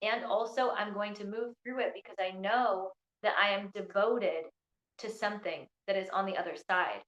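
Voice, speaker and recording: A woman coaching a live online workshop, bubbly and excitable, with words tumbling out around constant "like"s. Her phone picks her up in a roomy, echoey space, and the sound is a little dull and muffled. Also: medium pitch, normal speed. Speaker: coach leading an online training. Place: indoors in Scotland during a storm.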